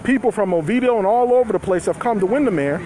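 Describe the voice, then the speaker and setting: A man's voice: high voice, expressive, fast. A man reporting live from a street protest on a handheld phone, loose and conversational, chuckling and talking to his viewers. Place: outdoors by a street. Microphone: phone held in hand. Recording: faint outdoor street noise. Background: passing cars and street noise.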